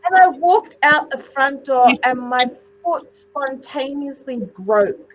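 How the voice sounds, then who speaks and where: A woman in her forties, a psychic medium guest, telling stories in a dramatic, animated way and swearing freely on a video call. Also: high voice, slow pace, lo-fi sound. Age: 40s. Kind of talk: casual video interview chat.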